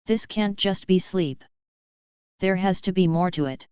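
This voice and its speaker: Woman narrator voicing an analytical young man in an audiobook, precise, slow, clear. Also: fairly low pitch, a little mellow, no room sound, muffled recording, close to an everyday voice. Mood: thoughtful.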